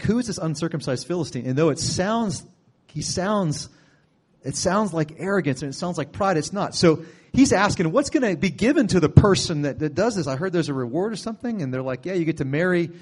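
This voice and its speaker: Male preacher, slightly high voice, casual storytelling sermon, sudden loud outbursts.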